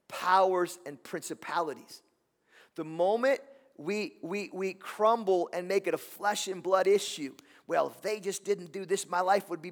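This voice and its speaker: A man preaching a sermon as pastor, impassioned, repeating words and asking the congregation questions. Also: a little high. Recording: long hall reverb.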